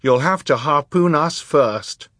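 A brave, bookish boy who speaks firmly, voiced by a male narrator. His voice is raised above the narrator's, with a husky, dry tone. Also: on the high side, lively intonation, slow, a bit bright, dry recording, pitched above the performer's own voice, heavily acted.

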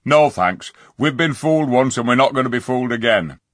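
A black-bearded dwarf, surly and full of scorn, jeering in a rough, common way, as a man puts him on. The voice sits a little above the reader's own and pushes louder, with a husky grain in a dry, close recording. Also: medium pitch, lively intonation, fairly quick, dry recording, pitched above the performer's own voice, natural voice. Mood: sneering. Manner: gruff, jeering, working-class speech.

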